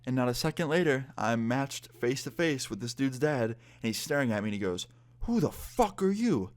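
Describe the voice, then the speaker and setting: A man of about twenty, a vlogger telling a story in casual storytime style, swearing freely and retelling it in a lively way. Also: mid-range voice, fairly quick.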